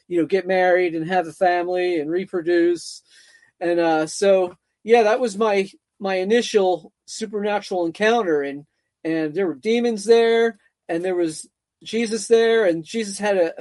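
A man's voice: high voice, darkish tone, no echo. A middle-aged man telling his story as an interview guest, rambling with many repeats and fillers.

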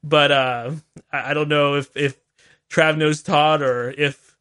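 A man's voice: on the high side, steady tone, slow, fairly bright tone, clean tone. A man hosting a call-in talk radio show, rambling and chatty with laughing asides.

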